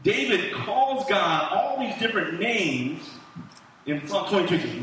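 Male preacher, high and bright, casual and animated, heard from a distant mic in a very echoey room. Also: measured pace, a little hiss or hum. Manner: animated, conversational Bible teaching with restarts. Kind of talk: sermon.

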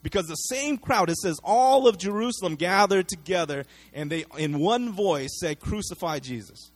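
A man preaching a sermon, telling the story in a casual, animated way, acting out what people said and often repeating words and adding fillers. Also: high-pitched, moderate pace. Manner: conversational, animated storytelling with acted-out quotes. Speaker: pastor.

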